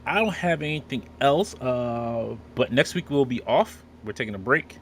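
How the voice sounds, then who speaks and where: A man's voice: medium pitch, expressive, normal speed, a little hiss or hum. A man hosting a casual podcast, joking and rambling with many restarts. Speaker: podcast host. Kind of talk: casual chat.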